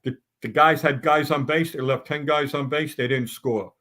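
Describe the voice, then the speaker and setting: A man's voice: a little high, moderate pace, bright, forceful tone. Blunt, fired-up man ranting about baseball. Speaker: sports talk panelist. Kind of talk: opinionated sports talk.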